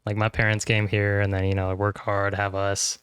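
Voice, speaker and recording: Male podcast co-host, casual chat, laid-back and slangy, low and smooth voice, dry close mic. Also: monotone, moderate pace, fairly bright tone, no echo. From United States.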